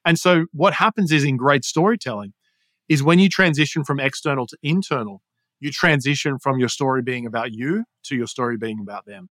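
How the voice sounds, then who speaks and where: A man's voice: mid-range voice, brisk, no room sound. A man, a storytelling and sales coach talking energetically on a podcast interview, laughing often as he explains. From Australia. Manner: energetic, laughs often, puts on quoted voices.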